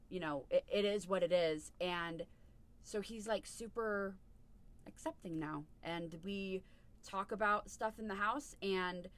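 A woman hosting a podcast with a bright, forward voice. She chats casually and bluntly, swears freely and tells stories with lots of animation. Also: lowish voice. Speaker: podcast host. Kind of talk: casual chat.

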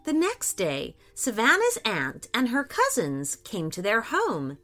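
Bright, animated woman reading a kids' story. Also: fairly high pitch, takes it slowly, faint music behind. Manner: warm, expressive and animated. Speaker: children's story narrator. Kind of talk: scripted storytelling for kids.

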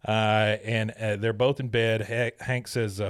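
A man's voice: fairly low pitch, flat delivery, unhurried, hardly any pauses, clear, resonant tone, dry recording, studio quality. A man casually recapping cartoon scenes and mimicking the characters as he goes. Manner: retells scenes and quotes characters in put-on voices. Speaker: podcast host recapping an episode. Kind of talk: casual chat.

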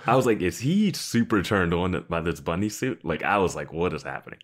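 A man's voice: low-pitched, expressive, fairly quick. A man co-hosting a podcast, casually reacting to a TV episode with amused, rambling commentary. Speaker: podcast co-host.

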